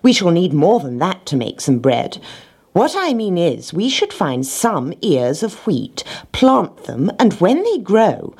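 A woman voicing a bossy, earnest little red hen in a storybook reading, explaining her plan slowly and firmly. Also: lowish voice, very animated, darkish tone, husky, pitched above the performer's own voice, heavily acted. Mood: insistent.

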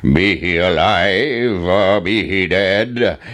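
A man voicing a huge, wicked male giant in a storybook reading, with slow, booming threats. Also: fairly bright tone, heavily acted. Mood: menacing.

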